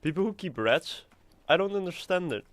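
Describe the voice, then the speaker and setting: A man's voice: sits high, animated, normal speed, a bit bright. A man streaming a video game, chatting casually in a rambling, self-mocking way with stammers and restarts. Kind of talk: casual gameplay chat.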